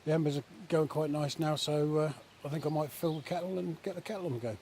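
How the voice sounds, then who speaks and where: Relaxed chatty man camping outdoors. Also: on the high side, quick pace. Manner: relaxed, chatty, many fillers. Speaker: vlogger. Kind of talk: casual camping vlog. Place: woodland camp outdoors by a river. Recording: outdoor recording with faint nature noise.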